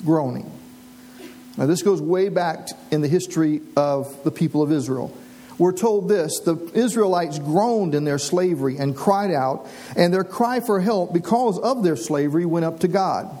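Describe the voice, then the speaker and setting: A man preaching a sermon as pastor, earnest and slowing down to read scripture aloud. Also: high-pitched, mellow, low-quality recording.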